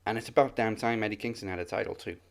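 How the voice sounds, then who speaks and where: A man with a fairly low voice co-hosting a podcast. He talks in a relaxed, casual way, giving his opinions plainly. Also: rapid-fire, creaky. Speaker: podcast co-host.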